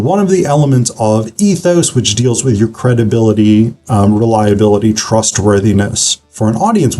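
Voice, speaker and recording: A man's voice: medium pitch, dark tone, breathy edge. A man giving a casual online literature lecture, talking conversationally with frequent fillers and restarts.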